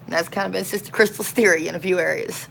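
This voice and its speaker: A woman street minister tells a long story in an animated, folksy way, full of slang. Her voice sits a little low. A faint hum of noise runs under it. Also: quick pace, gravelly, rough recording. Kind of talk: casual storytelling.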